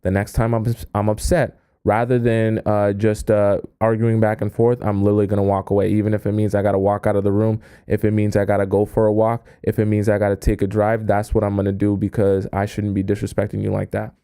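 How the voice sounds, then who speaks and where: A man voicing a remorseful young boyfriend who apologizes slowly and quietly. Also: lowish voice, completely flat delivery, clear, resonant tone, no echo, clean studio sound, voice pushed down, natural voice. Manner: slow, subdued and apologetic.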